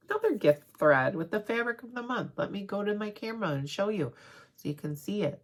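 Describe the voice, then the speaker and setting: A woman hosting a crafting video, chatting casually and rambling excitedly as she shows off her haul. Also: mid-range voice, a little fast. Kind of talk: casual show-and-tell haul.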